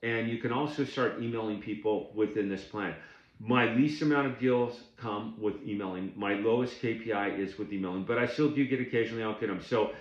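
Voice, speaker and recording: A man's voice: on the low side, brisk, reverberant, highs cut off. A man coaching beginners in a casual, blunt and plainspoken way, often restarting his sentences. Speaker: tax overage business coach. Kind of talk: casual instructional talk to camera.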